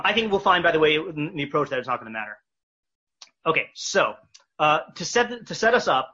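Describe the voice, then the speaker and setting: A man teaching a text study class, reading verses slowly and explaining them with many fillers and restarts. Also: fairly high pitch, pushed and bright, husky. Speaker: Torah teacher. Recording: dull lo-fi recording.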